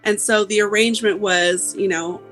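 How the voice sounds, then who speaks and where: A woman's voice: medium pitch, steady tone, moderate pace, fairly bright tone, faint music behind, low-quality recording. A woman giving a personal testimony in a casual way, full of "like" fillers. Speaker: guest.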